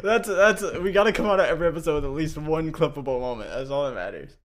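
A man chatting on his podcast with a lively, bouncing voice that rises and falls freely. He laughs a lot and swears casually, rambling through his thoughts in an easygoing, loose way. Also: on the high side, quick pace. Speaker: podcast co-host.

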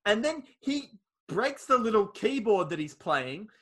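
Guy, high and bright voice, sweary casual film-recap podcast host. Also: very animated, measured pace. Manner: swears freely, acts out quoted lines.

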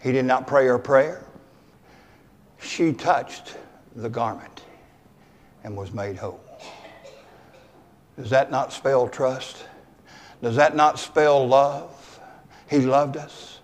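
A man's voice: mid-range voice, slow pace, pauses often, in a large hall. A man, a pastor preaching a folksy, conversational sermon, bantering with his congregation. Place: church.

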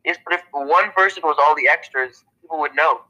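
A man's voice: fairly high pitch, fairly quick, sharp tone, rough recording. A man playing a smug, boastful male impresario who talks in a cocky, offhand way.

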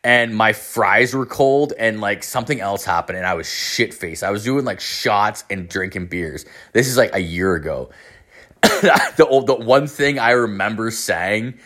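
A man's voice: lowish voice, animated, unhurried, a bit bright. A man telling a casual, rambling comedic story, swearing constantly and leaning on "like". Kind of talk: casual profane storytelling rant.

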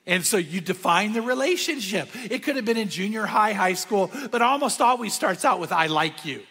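A male pastor preaching a conversational sermon with bursts of energy and sudden hushed asides. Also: sits high, brisk, hardly any pauses, husky, in a large hall.

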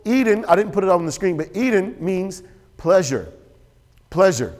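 A man preaching a sermon as pastor, animated and storytelling. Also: high-pitched, normal speed. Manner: animated, storytelling with quoted voices and laughter. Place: church sanctuary. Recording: church hall with long reverb.

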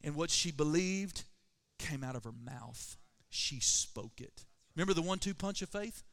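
A man's voice: fairly high pitch, animated, normal speed, a bit bright. A male pastor preaching a sermon in a church, emphatic and calling for amens. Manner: emphatic preaching, calls for Amen.

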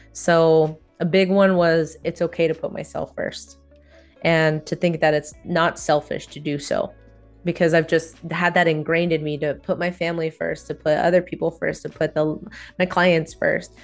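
A young woman with a notably low voice talks through her own reflections on a solo podcast. She is earnest and candid and circles back to the same reassuring phrases. Faint music sits quietly behind her. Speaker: podcast host.

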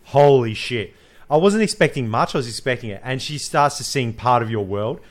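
An Australian man co-hosting a podcast, telling stories in enthusiastic, animated casual chat. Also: medium pitch, normal speed. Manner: enthusiastic, animated storytelling, laughs a lot. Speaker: podcast co-host.

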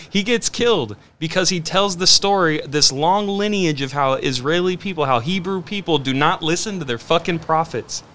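A man co-hosting a podcast in casual chat, animated and profane, acting out quotes as he talks. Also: on the high side, normal speed. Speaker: podcast co-host.

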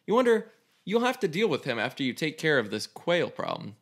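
A man's voice: on the high side, big pitch swings, a little fast, fairly bright tone, husky. A man casually reading an interactive adventure story aloud as host, with a loose, swearing delivery. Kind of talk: reading a choose-your-own story aloud.

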